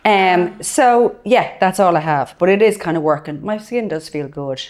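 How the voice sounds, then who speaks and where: A woman's voice: lowish voice, lively intonation, moderate pace, a little mellow. A woman in her fifties, co-hosting a casual chat and telling stories in a chatty way with plenty of fillers. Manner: chatty storyteller with frequent fillers. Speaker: co-host.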